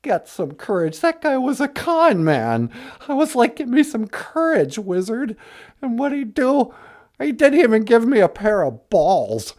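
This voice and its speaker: A man's voice: very high-pitched, sing-song, unhurried, a little mellow, exaggerated voice. Guy putting on a nervous wreck of a lion, stutters and frets, lots of "man". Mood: griping. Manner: stammering, panicky, repeats "man". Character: jittery male lion, anxious and whiny. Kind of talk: puppet comedy podcast.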